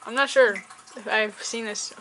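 A woman's voice: a little high, steady tone, moderate pace, crowd noise. A young woman in casual reaction commentary, rambling and swearing as she films on a handheld camera. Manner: rambling, profane, laughs a lot. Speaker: reaction video host.

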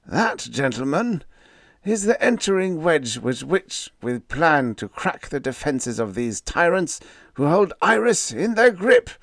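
A man's voice: fairly high pitch, sing-song, a little slow, vocal fry, fairly bright tone, no room sound, studio quality, voice pushed up, full character voice. A man voicing a pompous company vice president who speaks in a formal, precise, lecturing way.

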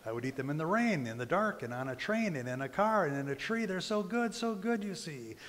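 A man's voice: on the high side, lively intonation, a little fast, long reverb tail, lightly acted. A man reading aloud as a stubborn, grumpy character who refuses to try a strange dish, in a sing-song rhyming recitation. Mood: delighted.

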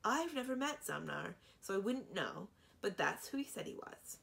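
A woman's voice: mid-range voice, sing-song, normal speed, creaky, fairly bright tone, pitched above the performer's own voice, heavily acted. A woman voicing an earnest young princess who speaks carefully in a storybook reading. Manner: careful, restrained.

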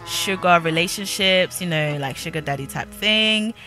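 A woman's voice: on the low side, moderate pace, sharp tone, soft background music. A woman voicing a confident, mercenary young woman in a life-sim game, speaking in a drawling, unimpressed way close to her own voice. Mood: cool.

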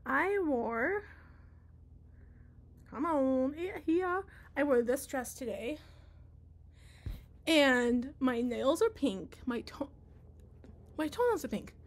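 A woman's voice: high voice, very animated, takes it slowly, long pauses. A young woman chatting casually in a vlog, bubbly and giggly, rambling, a little out of breath. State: out of breath from dancing. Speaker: vlogger and teacher. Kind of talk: casual chat.

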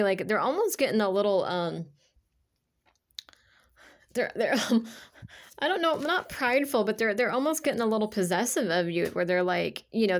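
A woman giving a casual tarot reading in a chatty, rambling way, full of filler words. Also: mid-range voice. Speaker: tarot reader.

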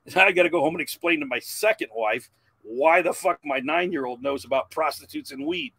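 A man in his forties with a gravelly, husky voice, talking as a podcast guest. He tells his stories loudly and swears freely, in an easy, casual style. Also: medium pitch, normal speed. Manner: loud, animated and swearing. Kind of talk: casual profane storytelling.

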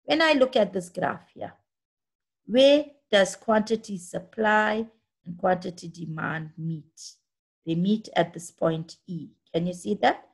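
A woman teaching a lesson with a gravelly, slightly husky voice. She explains each step patiently and keeps asking the class whether they can see it. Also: mid-range voice, takes it slowly. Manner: patient, checks understanding often.

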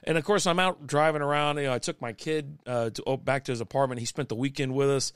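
A man's voice: medium pitch, fairly even intonation, quick pace, clear, resonant tone, dry recording, studio quality. A man, chatting casually and rambling with many restarts as a podcast host. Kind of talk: casual live-stream chat. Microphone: desk microphone.

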